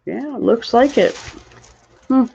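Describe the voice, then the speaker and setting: Fatigued and yawning, a woman hosts a casual crafting livestream, slowly rambling, reading chat aloud, and saying hi to viewers. Her voice is on the high side yet gravelly, dark, and slightly rough, heard in dull lo-fi audio.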